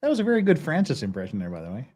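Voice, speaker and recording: A man's voice: medium pitch, huge pitch swings, racing, darkish tone. A man talking as a guest in a casual chat, blunt and crude, laughing often.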